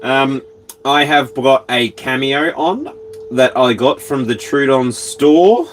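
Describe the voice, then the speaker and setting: Slow and expressive, this mid-range voice belongs to an Australian tarot reader livestreaming casually from his caravan, with slight background noise. His talk wanders in a playful way, now and then breaking into bits of song.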